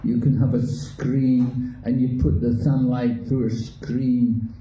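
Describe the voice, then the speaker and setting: A man's voice: mid-range voice, flat delivery, takes it slowly, dark tone. Teacher quizzing his class in a roomy hall. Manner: plays a skeptic, quizzing students in quoted objections. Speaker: teacher leading a scripture class. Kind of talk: interactive class discussion. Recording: roomy dull recording with faint noise.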